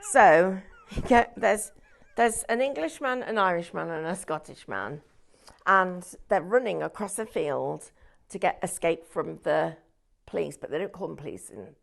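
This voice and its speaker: A woman's voice: lowish voice, unhurried, gravelly. A woman demonstrating crafts on a live shopping show, chatting casually and breaking into giggles as she tells a joke. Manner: giggly, breaks up laughing while telling jokes.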